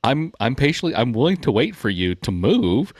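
A man's voice: mid-range voice, big pitch swings, normal speed, breathy edge, no room sound, studio quality. A man co-hosting a parenting podcast, telling wry everyday stories and acting out little scenes. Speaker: podcast co-host. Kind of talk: casual podcast discussion.

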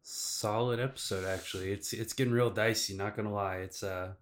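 Low-voiced laid-back male podcaster. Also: steady tone, brisk. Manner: laid-back, short agreeing remarks. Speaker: podcast co-host. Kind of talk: casual chat.

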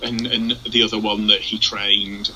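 A man co-hosting a podcast whose voice is very bright and sharp. He talks in a hesitant, stop-start way, full of fillers and restarts. His humour is deadpan. A faint hiss sits behind the voice. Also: on the low side, measured pace, poor audio. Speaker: podcast co-host. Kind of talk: casual chat.

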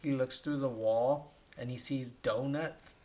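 A man's voice: medium pitch, fairly even intonation, a little slow, mellow. Podcast host, man, mid-range voice, loose rambling recap style, keeps checking in with "right?". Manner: rambling retelling, tags lines with "right?". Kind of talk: casual chat.

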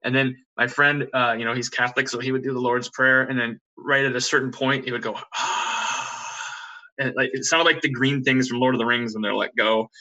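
A man's voice: mid-range voice, steady tone, fast, hardly any pauses, sharp tone, dull audio. A young man telling a ghost story in casual conversation, rambling with many fillers and restarts and acting out what others said. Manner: rambling, frequent fillers and restarts, acts out quotes. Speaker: podcast guest telling ghost stories.

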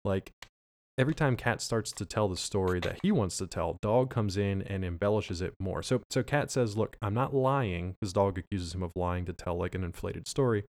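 Low-voiced man chatting loosely. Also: brisk, darkish tone. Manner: loose, rambling, sprinkled with "like". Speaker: podcast co-host. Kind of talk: casual chat recapping a cartoon episode.

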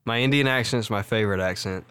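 A man's voice: fairly low pitch, quick pace, a bit bright, smooth. A man co-hosting a podcast in casual chat, making short joking quips. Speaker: podcast co-host.

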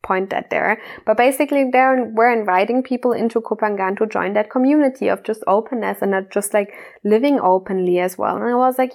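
A woman's voice: mid-range voice, fairly quick, few pauses. A woman hosting her podcast and telling a personal story in a candid, chatty way. She laughs often and fills her speech with "like.". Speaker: podcast host.

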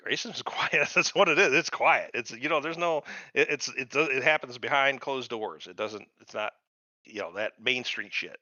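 A man's voice: mid-range voice, moderate pace, sharp tone, no room sound. A middle-aged man co-hosting a podcast, ranting in casual chat with heavy profanity and disbelief. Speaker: podcast co-host. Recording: dull lo-fi podcast mic.

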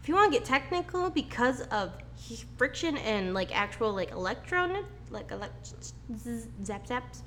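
A woman with a fairly high voice chatting on a podcast, poking fun at herself and swearing freely. Her stories run loose and playful. Light hiss sits under the track. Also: sing-song, moderate pace, fairly bright tone. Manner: joking, self-deprecating, swears casually. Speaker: podcast co-host. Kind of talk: casual podcast chat.

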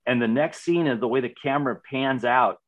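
A man's voice: mid-range voice, fairly quick, muffled recording. Enthusiastic man co-hosting a podcast. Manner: enthusiastic, repeats words when starting. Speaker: podcast co-host. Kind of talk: casual chat reviewing a TV series.

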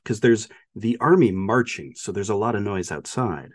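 In a clean studio recording with no echo, a podcast co-host with a lowish voice talks at a normal pace with lots of animation. He's casually walking through a film's plot, sprinkling in many "like"s and "uh"s as part of an easygoing film chat.

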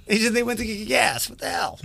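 A man hosting a radio show, brisk and quick to laugh as he runs a quick-fire game. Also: high-pitched, very animated, vocal fry, pushed and bright. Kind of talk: casual studio banter.

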